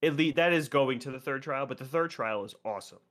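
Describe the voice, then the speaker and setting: A man co-hosting a casual gaming podcast, mostly giving short replies and gently correcting details. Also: mid-range voice, quick pace. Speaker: podcast co-host. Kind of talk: casual chat about video games.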